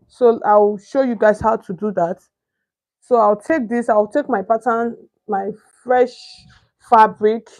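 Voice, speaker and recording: A fairly high-pitched, slightly mellow voice belongs to a young Nigerian woman teaching sewing. In this step-by-step pattern-cutting tutorial she chats freely, often stops to ask "can you see?" and looks for the right word.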